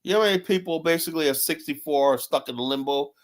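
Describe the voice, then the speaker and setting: A man's voice: a little high, fast talker. A man arguing in a heated panel debate, talking over others and repeating "hold on" to keep the floor. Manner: argumentative, keeps saying hold on. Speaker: panelist, insurance agent.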